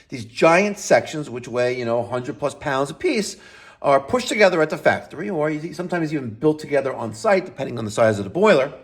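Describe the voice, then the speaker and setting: A middle-aged man from New York who owns a plumbing business, talking unscripted with lots of fillers and self-corrections. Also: medium pitch. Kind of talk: unscripted video talk.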